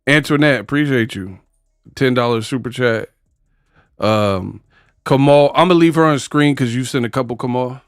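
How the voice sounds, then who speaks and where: A man hosting a casual live stream, chatting with viewers in animated, slangy banter and often breaking into laughter. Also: medium pitch, normal speed, no room sound, clean studio sound, soft background music. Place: home set under hot lights.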